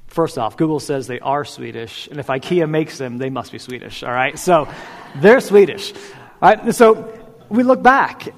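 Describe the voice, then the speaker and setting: A man's voice: on the high side, expressive, moderate pace. A man in his thirties preaching a sermon in a casual, conversational way, asking the congregation questions and repeating "right?". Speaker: pastor. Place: church hall. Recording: long hall reverb.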